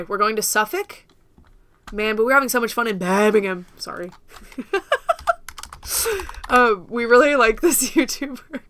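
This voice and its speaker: A woman's voice: medium pitch, sharp tone, no echo. A young woman from the United States hosting a casual livestream, rambling and laughing often as she talks to viewers. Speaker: livestream host.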